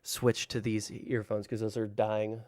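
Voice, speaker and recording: A man's voice: lowish voice, flat delivery, a little slow, a little mellow, no echo, studio quality. Casual swearing male livestreamer. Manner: rambling, filler-heavy, swears freely; talks to chat, unfiltered. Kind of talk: casual livestream chat with viewers.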